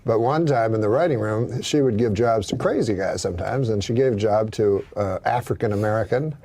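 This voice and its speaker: A man telling a joke story on a talk show, dry and halting, with small chuckles and restarts. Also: fairly low pitch, dark tone. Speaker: comedian.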